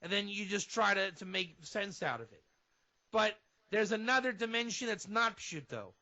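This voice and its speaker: Male rabbi guest, high and bright voice, animated radio teaching on dull lo-fi audio. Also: normal speed. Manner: animated explainer, acts out fervent prayer.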